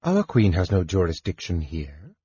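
A man playing Dalamar, a cool dark elf sorcerer. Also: sits low, big pitch swings, normal speed, breathy edge, no echo, pitched below the performer's own voice, full character voice. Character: stern dark elf sorcerer, master of a tower. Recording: dull lo-fi recording.

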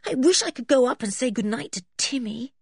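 A woman's voice: fairly high pitch, expressive, fairly quick, vocal fry, husky, no room sound, clean studio sound, voice pushed up, heavily acted. A woman voicing a hot-tempered tomboy girl in an audiobook, speaking earnestly and fretfully. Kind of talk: audiobook character voice.

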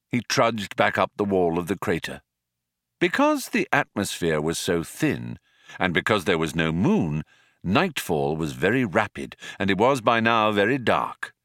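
A man's voice: lowish voice, a bit bright, no echo. A man narrating an audiobook in a dry, wry storytelling manner. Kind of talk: scripted narration.

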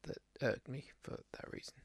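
A man's voice: brisk, dry recording, studio quality. A man co-hosting a podcast, chatting casually about films in a rambling way, full of restarts and fillers. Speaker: podcast co-host. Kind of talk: casual film chat.

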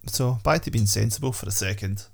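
A man's voice: lowish voice, a little fast, gravelly. A man co-hosting an audio podcast, blunt and sweary in casual chat. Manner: blunt, sweary, laughs easily. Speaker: podcast co-host. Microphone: audio-only podcast mic.

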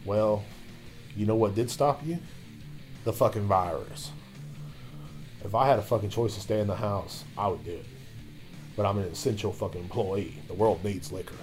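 A man's voice: on the low side, fairly quick, darkish tone, faint music behind. A man hosting his own podcast, ranting loosely with constant swearing while he drinks a beer. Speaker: podcast host. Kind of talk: profane solo podcast rant.

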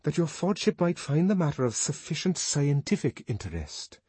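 A man's voice: on the high side, sing-song, moderate pace, dark tone, husky, no echo, pitched above the performer's own voice. A man voicing a nervous, self-important young official in an audiobook, stiff and fussy in manner. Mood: formal.

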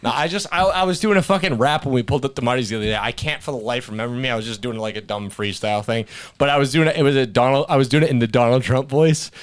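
A man with an ordinary middle-pitched voice hosts a casual podcast. He jokes around and keeps throwing in quick questions. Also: smooth. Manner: joking, asks quick questions. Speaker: podcast host. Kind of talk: casual chat.

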